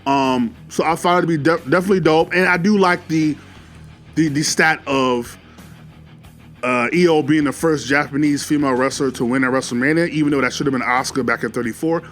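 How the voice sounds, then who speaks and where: A man giving a casual, excitable solo review, full of fillers and slang. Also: a little high, a little fast, soft background music. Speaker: wrestling commentary YouTuber.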